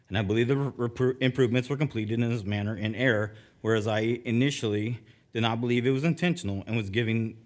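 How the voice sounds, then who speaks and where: Middle-aged resident, nervous and emotional, stumbles and restarts while reading prepared remarks at a council podium. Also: male voice, lowish voice. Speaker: resident giving public comment. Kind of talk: public comment at a council meeting. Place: council chamber.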